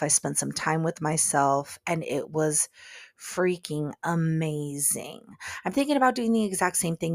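A woman hosting her own podcast in a recording studio, talking in a chatty, joking, self-deprecating way with sudden loud bursts. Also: lowish voice, creaky. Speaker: podcast host. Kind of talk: casual solo podcast chat.

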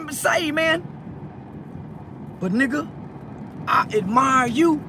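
A choked-up man talks in a strikingly high, strained voice, circling back over the same words as he lectures and consoles someone. He is recorded in a car, and traffic and street noise are plainly heard behind him. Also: normal speed. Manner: tearful, repetitive, preachy. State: teary, choked up. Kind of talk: emotional address to a viral video subject. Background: traffic and outdoor ambience.

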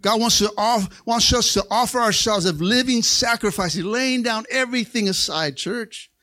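A man preaching a Pentecostal sermon in a church. He calls for amens and rises to excited shouts. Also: sits high, normal speed. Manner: call-and-response preaching, asks for amens. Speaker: pastor. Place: church sanctuary.

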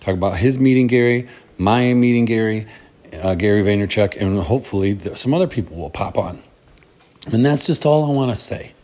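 A man's voice: lowish voice, fairly quick, a little mellow. A middle-aged man talking alone on his podcast in a casual, upbeat, motivational way, rambling and restarting his sentences as he goes. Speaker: podcast host. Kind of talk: casual solo podcast monologue.

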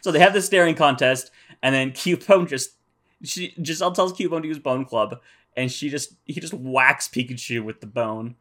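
A man's voice: mid-range voice, moderate pace, a bit bright. A man co-hosting a casual podcast, recapping episodes with nerdy attention to detail. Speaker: podcast co-host.

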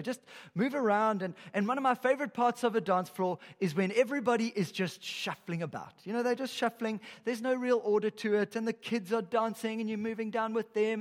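A man preaching a sermon as a pastor, telling the story in an animated way and acting out the lines he quotes. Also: high-pitched. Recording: echoey hall with long reverb.

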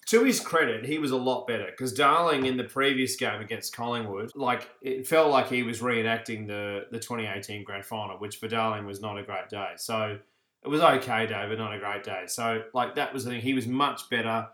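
A man's voice: lowish voice, a little fast, sharp tone, echoey room. An Australian man co-hosting a casual podcast chat, telling stories and laughing as he talks. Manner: chatty storyteller, laughs while talking. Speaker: podcast co-host.

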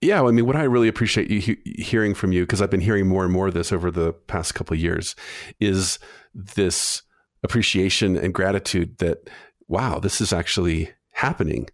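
A man's voice: low-pitched, normal speed, no echo, studio quality. A man hosting a casual interview, reflecting aloud and thinking through his questions. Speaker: podcast host.

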